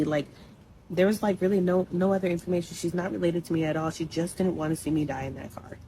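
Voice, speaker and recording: Young woman storyteller, low voice, rapid-fire, blunt and animated. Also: a little hiss or hum, low-quality recording. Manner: blunt, animated, conversational with asides. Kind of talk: casual personal storytelling.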